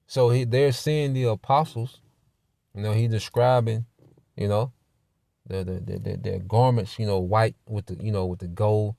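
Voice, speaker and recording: A man's voice: mid-range voice, dark tone, dry recording, studio quality. A man teaching a church Bible lesson in a conversational way, full of "you know" and "man".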